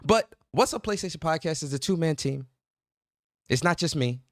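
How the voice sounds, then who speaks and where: A man with a New York accent hosting a casual gaming podcast, introducing his co-host with loud, playful hype. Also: a little high, animated, normal speed, no room sound, clean studio sound.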